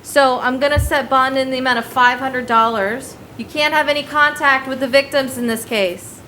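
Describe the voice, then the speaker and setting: A woman judge running a bond hearing in a courtroom, brisk and formal. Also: high-pitched, sharp tone, a little hiss or hum, low-quality recording. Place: courtroom with loud air vent.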